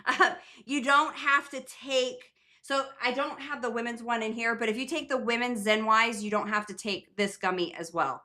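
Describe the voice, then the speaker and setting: A chatty woman hosts a casual livestream Q&A, rambling and restarting her sentences. Her voice is bright and forward. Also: a little high, moderate pace. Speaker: nurse practitioner hosting a live Q&A.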